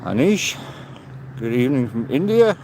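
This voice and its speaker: An older man, chatting in a relaxed, rambling way on a live walk and greeting viewers by name. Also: mid-range voice, normal speed, a little hiss or hum. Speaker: vlogger walking and reading chat. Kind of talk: casual chat on a live walk. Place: outdoors on a walk.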